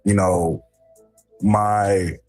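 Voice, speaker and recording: A man talking in a halting, reflective way as a reality show contestant, with many fillers, in a clip with music underneath. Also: lowish voice, steady tone, a little mellow. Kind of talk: casual reflective talk.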